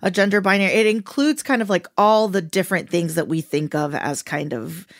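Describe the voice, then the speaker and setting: A woman's voice: fairly low pitch, fairly quick, no echo, clean studio sound. A woman co-hosting a podcast, chatting casually and exclaiming often. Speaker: podcast co-host. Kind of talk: casual chat.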